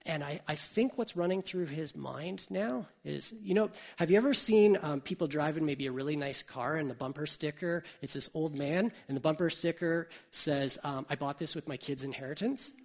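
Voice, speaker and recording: A man's voice: on the high side, moderate pace, vocal fry, few pauses, a little mellow. A man who is a parent, preaching a sermon in a conversational way and thinking aloud with asides. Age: adult parent. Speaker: pastor.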